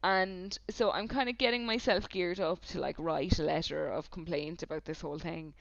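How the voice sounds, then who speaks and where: A woman's voice: fairly low pitch, steady tone, moderate pace, vocal fry, no echo. An Irish woman, a podcast guest, tells a personal story in casual chat, full of "like" and quoting herself. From Ireland. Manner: chatty, fillers of "like", retells by quoting herself. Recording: dull, dry lo-fi sound.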